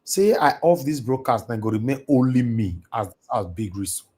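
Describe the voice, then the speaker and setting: A Nigerian man with a Pidgin-flavoured accent hosts a live stream from his house and speaks at middling pitch. He preaches with fervour, circling back and repeating his points. His delivery slides between English and a casual Pidgin lilt. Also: expressive, moderate pace, darkish tone, breathy edge. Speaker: livestream host. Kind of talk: impassioned live-stream monologue. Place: alone in a large house. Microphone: computer mic on a live stream.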